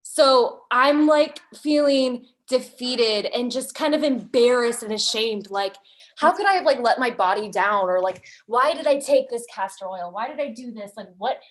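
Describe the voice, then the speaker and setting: A woman's voice: fairly high pitch, moderate pace. A young adult woman, a podcast guest, tells her personal birth story candidly and acts out her own thoughts in quotes. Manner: candid, animated storytelling with quoted inner voices and laughs.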